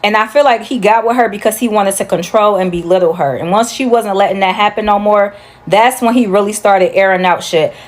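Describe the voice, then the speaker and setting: A woman's voice: medium pitch, brisk. Candid woman sharing opinions. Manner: candid, conversational, mild swearing. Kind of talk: casual opinion video.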